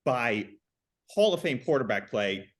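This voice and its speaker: A man's voice: medium pitch, sing-song, unhurried. Blunt, emphatic young man talking sports. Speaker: podcast co-host. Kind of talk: casual sports chat.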